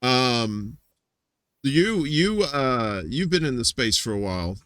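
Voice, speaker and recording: A bright-voiced man hosts a loose live-stream chat over a video call, rambling and joking as he goes. He restarts his sentences often, and his voice sounds dry and close. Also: medium pitch, very animated, takes it slowly, clear, resonant tone, no room sound. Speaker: host.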